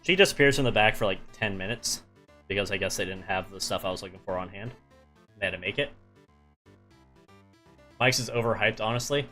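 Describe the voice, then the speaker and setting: A man's voice: lowish voice, brisk, pauses often, bright, forceful tone, soft background music. A young man streaming while he draws, telling a travel story in a rambling, casual way with many fillers and restarts.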